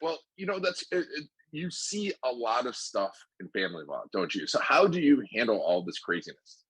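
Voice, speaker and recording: Male host, husky voice, relaxed reactive interviewer. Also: medium pitch, moderate pace, rough recording. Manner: laughs along, short reactive comments. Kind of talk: casual interview questions.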